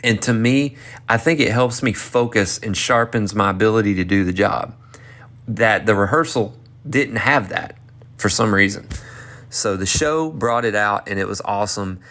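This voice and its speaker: A man in his thirties from North Carolina with a Southern accent, excitedly telling a rambling story. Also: on the low side, moderate pace. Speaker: performer and vlogger. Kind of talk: casual storytelling recap.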